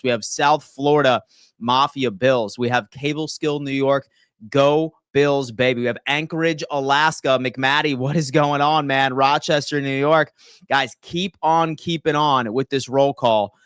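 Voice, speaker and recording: Energetic man hosting a sports livestream. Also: mid-range voice, clean tone, no echo, studio quality. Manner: energetic, reads chat shout-outs aloud. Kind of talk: live sports talk stream.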